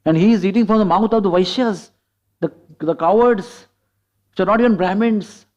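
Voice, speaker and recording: A man voicing a group of male celestial singers who complain loudly and emphatically. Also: a little high, moderate pace, highs cut off, natural voice. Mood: indignant, bewildered.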